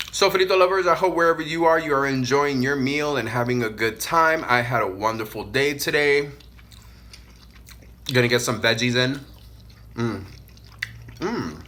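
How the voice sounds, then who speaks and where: A young adult man from Puerto Rico chats loudly and playfully while eating, humming with pleasure between bites. His voice is bright and forceful, sitting at an ordinary middle pitch for a man. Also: normal speed, long pauses. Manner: loud, playful and animated, with frequent hums of enjoyment. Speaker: mukbang vlogger. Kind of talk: casual chat while eating.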